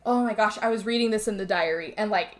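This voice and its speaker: A woman's voice: medium pitch, quick pace. A woman co-hosting a podcast, casually retelling a film's plot with lots of acted-out lines and some swearing. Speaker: podcast co-host recapping a film. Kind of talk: casual chat.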